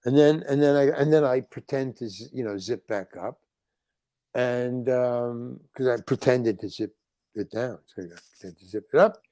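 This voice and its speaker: A man's voice: mid-range voice, normal speed, no room sound. Older man telling a rambling story. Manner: animated, rambling, acts out quoted lines. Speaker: guest. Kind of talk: storytelling anecdote.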